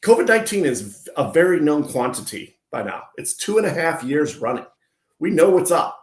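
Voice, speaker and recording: A man's voice: a little high, moderate pace. Ranting male podcast co-host, roomy sound. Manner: ranting, animated storytelling. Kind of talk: casual podcast banter. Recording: roomy echo.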